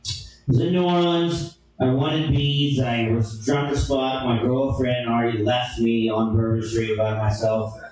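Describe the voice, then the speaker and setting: A young man telling a crude, animated comedy story, now and then breaking into shouted bursts. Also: mid-range voice, unhurried, far from the mic, soft background music. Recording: echoey room, from off mic.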